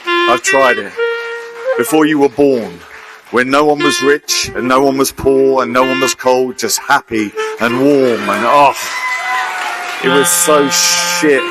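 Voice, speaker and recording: Blunt wry God read out by a man, matter-of-fact, spoken-word piece, music under, mid-pitched. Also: takes it slowly, lightly acted. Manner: matter-of-fact, swearing, teasing. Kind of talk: spoken-word poem recital. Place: large concert hall stage.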